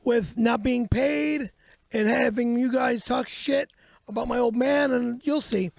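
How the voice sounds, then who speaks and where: A man's voice: very high voice, unhurried, vocal fry, darkish tone, no room sound. A man co-hosting a comedy show, bickering indignantly and swearing a lot. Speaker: co-host.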